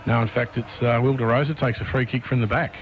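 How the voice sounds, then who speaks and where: An Australian man calling a local football match play by play, quick and chatty, from a commentary box at the ground. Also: mid-range voice, fairly even intonation, narrow, tinny audio, noisy background. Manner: quick, chatty, easy laughs.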